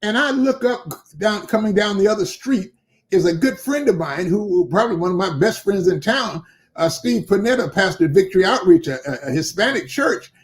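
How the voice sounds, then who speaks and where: An older man, a bishop and pastor, tells a story during an interview, speaking at normal speed in a high-pitched voice. He's an animated storyteller, acting out the dialogue of the people in his tale.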